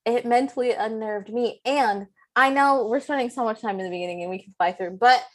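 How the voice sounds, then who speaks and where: A woman co-hosting a podcast, chatting about a film in a giggly, expressive way with plenty of "like". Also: a little high, a little fast. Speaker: podcast co-host. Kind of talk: casual film-discussion chat.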